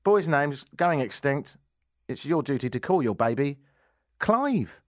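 A man's voice: fairly high pitch, animated, measured pace, no room sound, studio quality. A British man hosting a radio talk show, teasing and exasperated in casual banter. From Britain. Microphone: studio microphone.

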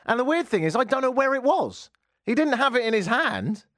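A man's voice: very high-pitched, sing-song, brisk, dry recording, studio quality. A man hosting a live talk radio show, telling a comic story with self-mocking jokes. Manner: jokey, self-mocking storytelling, jumps between loud and hushed. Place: radio studio.

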